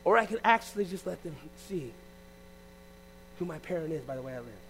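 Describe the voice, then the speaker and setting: Male pastor, high voice, lively sermon delivery, faint hum on the recording. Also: a little fast, rough recording. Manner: animated preaching, swinging between loud and hushed.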